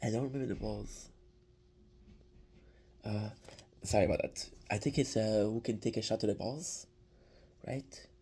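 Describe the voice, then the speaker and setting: A man's voice: fairly low pitch, normal speed, pauses often, dark tone, slight background noise. A young man, rambling through a casual episode recap with lots of restarts. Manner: rambling, many restarts and fillers. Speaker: show reviewer.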